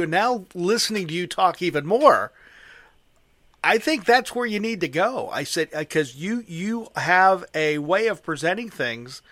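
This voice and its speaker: Lively dry-voiced male podcast host. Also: sits high, no room sound. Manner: encouraging, laughs often, short acknowledgements. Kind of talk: casual interview chat.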